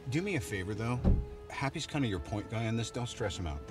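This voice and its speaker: Actor as wry billionaire mentor, low-ish, lively delivery, film audio with music. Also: male voice, fairly quick, natural voice. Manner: dry, offhand, teasing. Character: wry middle-aged male billionaire mentor.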